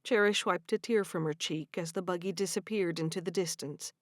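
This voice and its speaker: A woman narrating a sweet romance audiobook in a gentle, measured way. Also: lowish voice, no room sound, studio quality. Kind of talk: scripted narration.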